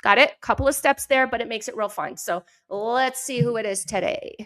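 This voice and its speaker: A woman's voice: fairly high pitch, moderate pace, a bit bright. A woman from New Hampshire with a New Hampshire accent, hosting a casual morning chat show, upbeat and laughing easily. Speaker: podcast host.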